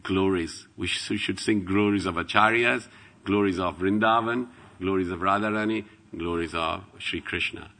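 A man's voice: low voice, moderate pace. A man giving a devotional talk to a congregation, telling anecdotes and acting out the people he quotes. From England. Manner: lively storytelling, acts out quoted voices, rises to loud chanting. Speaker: temple speaker.

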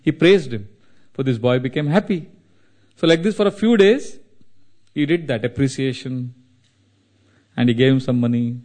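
A man preaching a devotional sermon, telling stories in an animated way and laughing often. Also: medium pitch, moderate pace, long pauses.

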